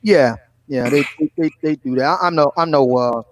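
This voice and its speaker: A man's voice: fairly high pitch, normal speed, slight background noise, rough recording. A man in casual conversation who talks hesitantly, repeating words and leaning on fillers. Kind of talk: casual chat.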